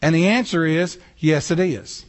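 A man preaching a sermon in church, animated, with casual asides and rhetorical questions to the congregation. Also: a little high, moderate pace. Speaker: pastor. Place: church sanctuary.

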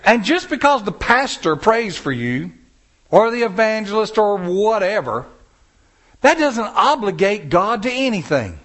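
A male preacher delivering a sermon, stressing words slowly and telling stories to the congregation. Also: sits high, very animated, fairly bright tone. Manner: emphatic, drawn-out stresses, storytelling.

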